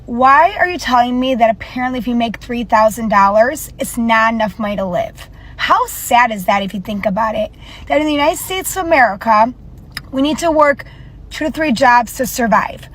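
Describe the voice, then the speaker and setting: A woman delivers an emphatic, incredulous rant to camera, swearing now and then. Her voice is fairly high. The talk is direct and insistent. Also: normal speed, a bit bright. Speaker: vlogger.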